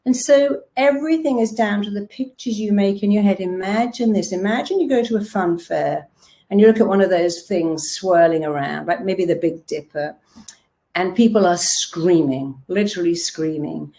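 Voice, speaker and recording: A woman, a therapist giving a lively motivational talk and acting out quotes as she tells stories. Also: mid-range voice, normal speed. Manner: lively storytelling with acted-out quotes. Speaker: therapist and self-help speaker.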